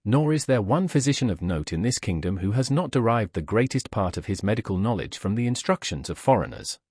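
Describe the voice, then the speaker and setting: A man playing a cunning young adventurer who speaks in measured, haughty, eloquent periods, pitched a little lower than the narration. The voice still moves expressively, and the sound is dry and close. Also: very animated, darkish tone, husky, dry recording. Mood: composed. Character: cool, cunning young male adventurer posing as physician.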